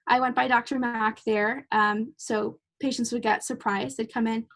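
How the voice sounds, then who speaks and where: A woman's voice: a little high, fairly even intonation, normal speed, vocal fry, few pauses, a bit bright. A woman host and clinician in a casual podcast conversation, a chatty storyteller who laughs easily.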